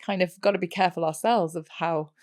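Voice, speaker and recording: A middle-aged woman co-hosting a casual chat podcast, agreeable and quick to laugh. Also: fairly low pitch. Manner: agreeable, laughs often, lively. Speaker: podcast co-host.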